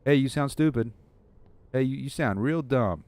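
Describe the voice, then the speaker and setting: A man's voice: medium pitch, moderate pace, darkish tone, no room sound, pitched above the performer's own voice, lightly acted. A man voicing a mocking monster in his own head that jeers at him in his own voice. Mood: taunting. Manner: taunting, sing-song. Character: mocking inner monster, a man's own voice jeering.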